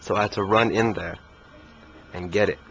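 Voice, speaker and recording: A man's voice: on the low side, steady tone, normal speed, a bit bright. A young man telling a story in a casual interview, laid-back and dryly humorous. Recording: muffled recording with faint hiss.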